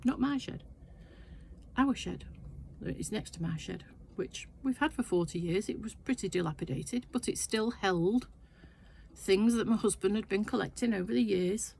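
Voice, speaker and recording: An older woman who vlogs about sewing tells a loose, chatty story with asides from her sewing shed. Her medium-pitched voice is creaky and darkish at a moderate pace, and the recording carries a faint hiss or hum.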